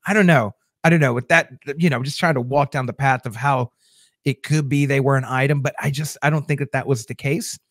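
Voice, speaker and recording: A man's voice: medium pitch, fairly even intonation, brisk, a bit bright, no room sound. A man hosting a casual TV recap show, rambling chattily to his viewers with lots of fillers and restarts, on a close mic. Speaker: host of a TV episode recap show.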